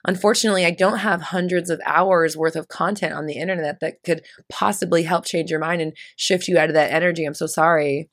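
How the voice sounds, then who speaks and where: Woman host, casual monologue, low gravelly voice with fry, sarcastic edge, dry close sound. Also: fairly even intonation, brisk, few pauses, no room sound. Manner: chatty, swears casually; teasing, sarcastic asides. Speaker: podcast host. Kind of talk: casual spiritual talk monologue.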